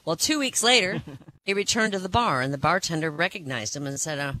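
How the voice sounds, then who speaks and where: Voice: brisk, rough recording. A comedian hosting a small cafe comedy night and telling jokes to a live crowd. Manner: animated, jumps into high voices for characters in jokes. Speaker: stand-up comedian and host. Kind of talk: stand-up joke telling.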